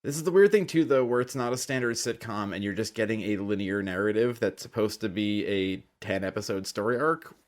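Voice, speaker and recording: A man's voice: lowish voice, brisk, hardly any pauses. A man co-hosting a podcast, joking and swearing casually while discussing a show. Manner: joking, profane, wry. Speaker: podcast co-host. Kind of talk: casual chat.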